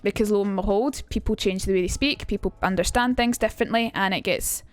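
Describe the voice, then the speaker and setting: A woman's voice: medium pitch, brisk, soft background music. A young woman with a Glaswegian Scottish accent, streaming a casual lesson, chatty and sweary and reading out her chat. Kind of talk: casual live-stream teaching.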